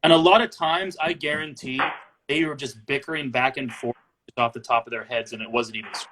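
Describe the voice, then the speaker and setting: A man's voice: mid-range voice, steady tone, brisk, noisy background. A man hosting a casual chat, easygoing and rambling. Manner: easygoing, rambling, many restarts. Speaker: podcast host.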